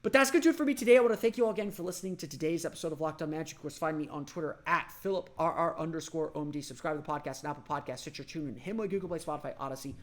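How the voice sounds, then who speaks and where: A man's voice: fairly high pitch, very fast, few pauses. A man from Orlando hosting a solo sports podcast, thinking aloud in a loose, conversational way. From Orlando, Florida. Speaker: podcast host.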